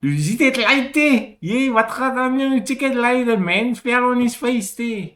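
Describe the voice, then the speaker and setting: Man doing a drawling Cape Coloured street guy, high and loose. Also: measured pace, a bit bright. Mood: mock-casual. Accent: Cape Coloured, Cape Town. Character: casual Cape Town street man, loud, chatty.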